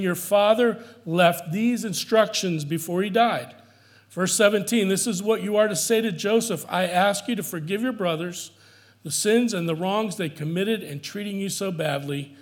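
A man with a notably high voice delivers a sermon as pastor. He preaches earnestly and with emphasis, often repeating a key line for weight. The delivery is steady and pastoral.

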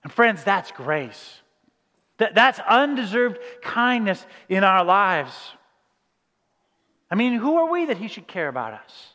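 A male pastor preaches a sermon in an animated storytelling style, often restarting his phrases as he goes. His voice sits high, and it rings out in a church with a long hall reverb. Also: unhurried.

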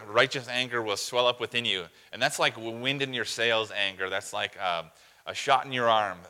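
A man's voice: fairly low pitch, bright, forceful tone, long reverb tail. A man preaching a sermon as pastor, putting earnest, direct questions to his listeners.

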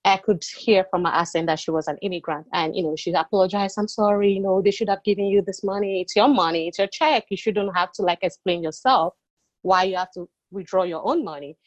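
A woman who immigrated to Canada, sharing her experiences as a podcast guest in a lively storytelling way. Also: mid-range voice, brisk, dry recording, muffled recording. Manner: animated, acting out quoted exchanges. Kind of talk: personal storytelling.

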